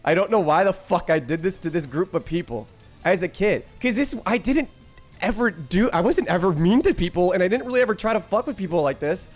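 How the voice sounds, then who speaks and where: A man's voice: high-pitched, lively intonation, fairly quick, soft background music. A man streaming live, telling a rambling story to his chat, swearing freely and often breaking into laughter.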